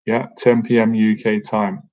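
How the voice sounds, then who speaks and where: A man's voice: lowish voice, little pitch movement, a little slow, a little mellow. A man in his thirties hosting a casual live-stream Q&A, chatty and jokey, often tacking "man" onto his sentences. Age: 30s. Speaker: boxing coach and livestream host. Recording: dull lo-fi stream audio.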